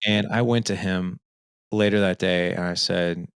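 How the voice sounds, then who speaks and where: Gravelly man in his forties. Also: sits low, steady tone, measured pace, no room sound, studio quality. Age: 40s. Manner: earnest and emphatic, often checks in with "right?". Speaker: fatherhood coach and podcast host, here a guest. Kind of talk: conversational storytelling.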